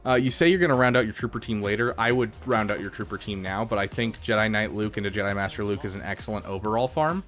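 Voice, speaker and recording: A low-pitched man chats loosely through a live stream, pausing on fillers as he thinks aloud. Soft background music plays under his voice. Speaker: streamer reviewing game accounts. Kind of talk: casual live-stream commentary.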